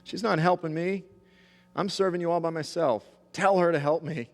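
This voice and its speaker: A woman's voice: fairly low pitch, moderate pace, pitched above the performer's own voice, lightly acted. A man voicing a distraught, fretful woman who complains shrilly and pleads, in a hall with long reverb. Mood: upset pleading.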